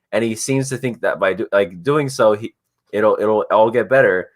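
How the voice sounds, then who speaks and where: Man chatting on a podcast. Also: medium pitch. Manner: animated storytelling with quick voiced asides. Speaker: podcast host. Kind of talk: casual chat.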